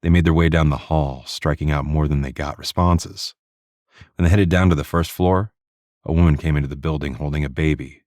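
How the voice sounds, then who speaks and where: Very deep-voiced male audiobook narrator. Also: darkish tone, no room sound, clean studio sound.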